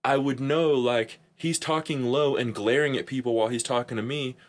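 In casual podcast chat, a young male co-host spins animated stories, laughs a lot and swears freely, speaking at medium pitch and an ordinary pace.

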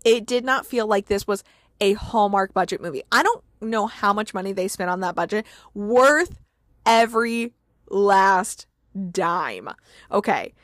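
A woman hosting a podcast, excitedly retelling movie scenes in a casual, gushing chat full of "like" and laughter. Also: mid-range voice, unhurried, no room sound, studio quality. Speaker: podcast host recapping movies.

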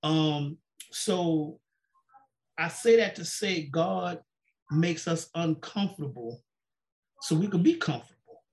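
Speaking slowly with long pauses, a man with a slightly high voice tells his own story. He's a pastor and guest in a sit-down interview, giving testimony and acting out the dialogue with repeated "she said" lines.

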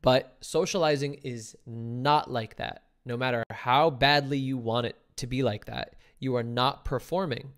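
A man hosting a casual podcast stream, talkative and quick to laugh, explaining ideas at length. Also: medium pitch, fairly even intonation, a bit bright, clean tone. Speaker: podcast host. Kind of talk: casual livestream chat.

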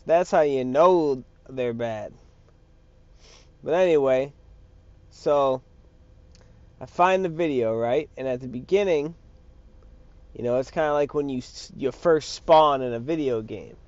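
A man rants in an unhurried drawl, swearing often and wandering between thoughts with plenty of fillers. His voice sits at an ordinary pitch for a man. The recording sounds muffled and lo-fi. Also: a little mellow, no echo. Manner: crude, profane, rambling with many fillers. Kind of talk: casual rant. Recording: dull lo-fi recording.

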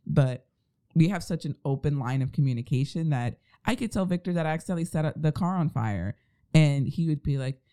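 A man's voice: a little high, lively intonation, brisk, dark tone, clear, resonant tone. A man in casual podcast chat, talking earnestly and giving advice to listeners. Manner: earnest, advising.

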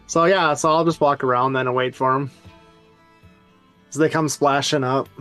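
A man's voice: medium pitch, steady tone, moderate pace, fairly bright tone, smooth, soft background music. A man playing a tabletop game, joking drily with some hesitant fillers. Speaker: player. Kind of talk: casual tabletop play.

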